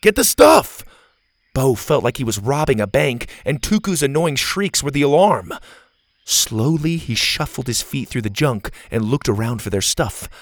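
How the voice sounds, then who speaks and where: A man narrating a children's adventure story with an animated, expressive reading. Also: medium pitch, moderate pace, dry recording.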